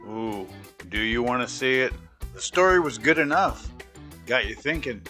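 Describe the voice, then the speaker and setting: A man's voice: mid-range voice, lively intonation, moderate pace, pushed and bright, faint music behind. A man hosting a reaction show, folksy and teasing in his comments between clips. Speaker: host.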